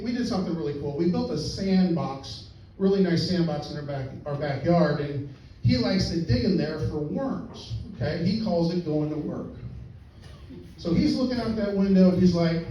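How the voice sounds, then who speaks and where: A man's voice: on the high side, dark tone, slight background noise. Older man telling a folksy story. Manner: folksy, chuckling while telling. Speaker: stand-up comedian. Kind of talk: storytelling stand-up. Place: live venue with audience. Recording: distant, roomy, dull live recording.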